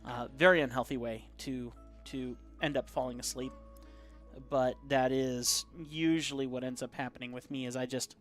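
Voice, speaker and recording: A man's voice: mid-range voice, steady tone, normal speed, soft background music. Chatty man on an art stream. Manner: rambling, reads viewer comments aloud. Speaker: caricature artist live-streaming. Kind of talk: casual live-stream chat.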